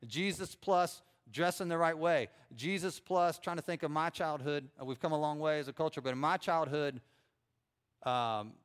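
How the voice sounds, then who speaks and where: A middle-aged pastor preaching a sermon in a conversational way, with frequent fillers and restarts. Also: male voice, a little high, normal speed, smooth.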